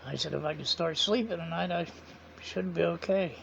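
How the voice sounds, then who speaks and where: Gravelly man telling a rambling story. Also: on the high side, moderate pace, a bit bright, a little hiss or hum. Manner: rambling, repeats quoted dialogue with "I said" and "he said". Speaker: vlogger. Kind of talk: casual personal storytelling. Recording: dull lo-fi sound.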